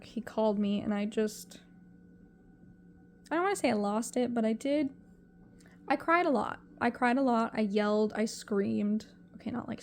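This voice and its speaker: A young woman with a fairly high, mellow voice talks to camera in a confessional vlog. She is emotional and halting, and her thoughts ramble and trail off. A faint hiss sits under her voice. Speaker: vlogger.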